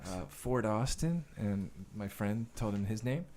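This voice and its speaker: A man with a somewhat low voice tells stories as a podcast guest. His speech is casual and profane, and it wanders with plenty of fillers and restarts. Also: animated, measured pace, a little mellow. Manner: profane, rambling, many fillers. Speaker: guest actor and director. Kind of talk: casual interview storytelling.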